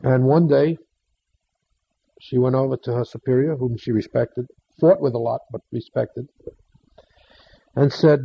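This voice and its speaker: A man telling a story to an audience in short, unhurried phrases, pausing for emphasis. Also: medium pitch, fairly even intonation, vocal fry, breathy edge. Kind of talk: storytelling talk. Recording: dull lo-fi recording.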